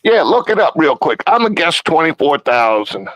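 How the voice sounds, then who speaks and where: A man's voice: fairly high pitch, big pitch swings, moderate pace, fairly bright tone, no room sound, muffled recording. A man debating on a live stream, rambling in a folksy way with casual swearing. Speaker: debate guest.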